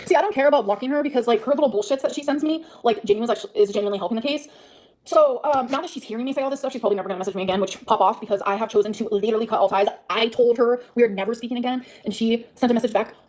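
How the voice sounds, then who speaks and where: A woman's voice: on the high side, rapid-fire, darkish tone, low-quality recording. A woman livestreaming an angry, profane rant, venting heatedly at her audience.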